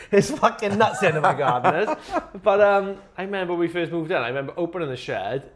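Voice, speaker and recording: A man co-hosting a casual podcast chat, telling animated stories full of swearing and acting out his own reactions. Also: high-pitched, brisk. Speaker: podcast co-host.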